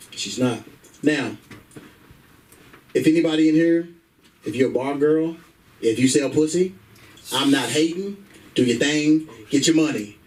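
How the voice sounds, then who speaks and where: A man doing stand-up with a brash, profane storytelling style. His voice sits a little higher than most men's, and he speaks into a stage microphone at a comedy club. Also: unhurried, long pauses, a little mellow, recorded from a distance, a little hiss or hum, poor audio.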